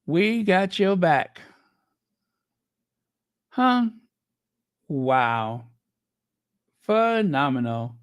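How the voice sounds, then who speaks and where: A woman host chatting through a royal news livestream, unhurried and meandering, stopping often with fillers and false starts. She gushes sentimentally over what she reads out. The sound is close and dry, with no room around it. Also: low voice, sing-song, clean tone, no echo. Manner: chatty, rambling, full of fillers and restarts; gushing, sentimental reactions. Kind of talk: casual livestream commentary.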